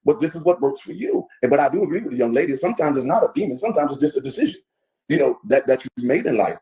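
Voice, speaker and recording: A man's voice: mid-range voice, dark tone, poor audio. A man speaking in reflective, conversational podcast talk.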